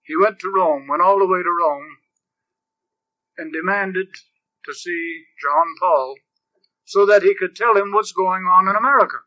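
A man preaching a sermon as a priest, grave and slow at times, lively and animated when he tells stories. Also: sits high, no echo, muffled recording.

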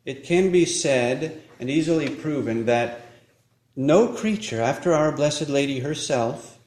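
Slow, measured male preacher in an echoey church. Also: on the high side, lively intonation, a little mellow. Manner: slow, measured preaching with pauses and self-corrections. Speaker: priest. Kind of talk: sermon at Mass.

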